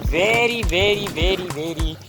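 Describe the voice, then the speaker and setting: A young man with an Indian English accent, vlogging outdoors while riding a bicycle through flooded streets, excitable and swearing a lot. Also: high-pitched, moderate pace, over music. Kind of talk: casual vlog commentary.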